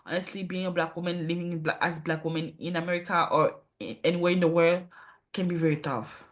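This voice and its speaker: A woman sits and reacts to a clip, voice pitched on the low side. She talks earnestly and tags her points with "right?" and "you know?" asides. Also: steady tone, fast talker. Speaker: commentator host. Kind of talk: casual commentary on a clip.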